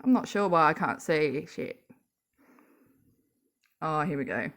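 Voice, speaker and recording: A woman's voice: deep voice, expressive, slow, a bit bright. A woman with an Australian accent reading social media posts aloud and ranting about them in a sarcastic voice, swearing often. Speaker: YouTube commentator.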